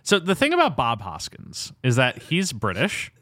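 A man's voice: medium pitch, huge pitch swings, moderate pace, a bit bright, a little hiss or hum. A man hosting a casual movie podcast, joking around and dropping into silly voices. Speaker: podcast host.

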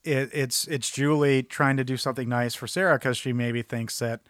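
A man's voice: mid-range voice, fairly even intonation, moderate pace, fairly bright tone, no echo. Guy on a movie podcast, rambly and jokey, dry close sound. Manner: rambling, jokey, self-interrupting. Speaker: podcast co-host. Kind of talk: casual film discussion.

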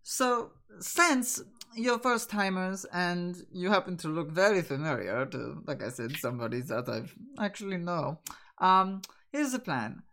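A woman's voice: lowish voice, expressive, measured pace, a bit bright. A woman voicing a sly male swindler who smiles as he makes threats, mocking and falsely polite. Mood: menacing. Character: sly smiling male pirate extortionist.

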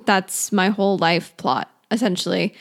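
A woman's voice: fairly low pitch, fairly even intonation, normal speed, creaky. Young woman, twenties, podcast host, chatty, rambling, self-deprecating, casual solo talk recorded at home. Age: 20s.

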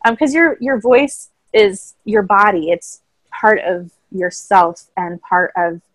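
A woman speaking as a guest in a casual interview, explaining things in a calm, thoughtful way. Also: medium pitch, takes it slowly, no room sound, low-quality recording. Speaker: voice coach guest. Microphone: own microphone, remote call.

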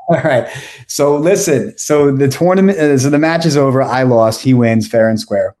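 A man's voice: medium pitch, normal speed. Rambling storytelling man in his forties. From South Florida. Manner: rambling, self-correcting, animated storyteller. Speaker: podcast guest. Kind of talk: casual storytelling.

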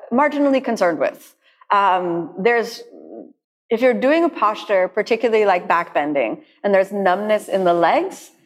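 A woman yoga teacher giving a reflective talk to a class and then taking questions, speaking thoughtfully with frequent restarts. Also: medium pitch. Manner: reflective, warm storytelling with many restarts. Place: studio class with people also joining online.

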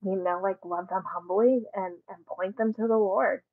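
A woman and author, a guest on a remote call, talking earnestly about faith in a soft, sincere way. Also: mid-range voice, moderate pace, dry recording, narrow, tinny audio. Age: adult with a daughter. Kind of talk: remote interview conversation. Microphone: headphones on a call.

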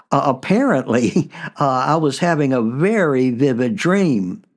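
A man's voice: mid-range voice, measured pace, hardly any pauses. Chatty man telling a story. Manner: relaxed, with frequent "uh" fillers. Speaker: podcast host. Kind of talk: storytelling narration.

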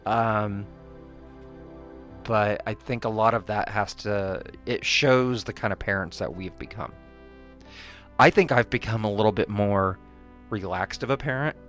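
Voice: a little slow, pauses often, a bit bright, soft background music. A podcast co-host chatting casually, rambling with many fillers and restarts and acting out quoted people. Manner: acts out quoted people in higher voices. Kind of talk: casual chat.

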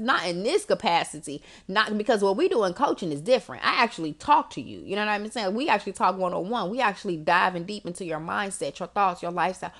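Chatty woman hosting a podcast. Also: mid-range voice. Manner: chatty, animated, slangy, laughs often. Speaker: podcast host and life coach. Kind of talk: casual podcast monologue.

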